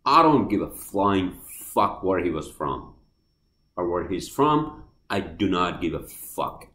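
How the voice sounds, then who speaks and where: A man's voice: deep voice, sing-song, slow pace, fairly bright tone. A man with a non-native accent hosting a podcast, ranting in a heated, profane way and repeating himself. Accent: non-native accent of English. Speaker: podcast host. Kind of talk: casual monologue rant. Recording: roomy echoey room.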